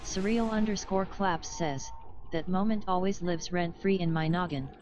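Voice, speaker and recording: A woman reading chat messages aloud in a flat, even way. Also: lowish voice, normal speed, faint music behind.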